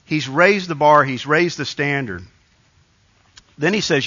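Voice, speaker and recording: Male pastor, conversational sermon, bright forceful tone, slightly dull lo-fi sound. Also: on the high side, a little slow. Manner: conversational, self-deprecating storytelling with restarts.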